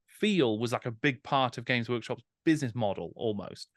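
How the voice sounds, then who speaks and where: A man's voice: medium pitch, animated, normal speed. A man hosting a podcast interview, thoughtfully prompting his guest. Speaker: podcast host. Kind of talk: conversational interview.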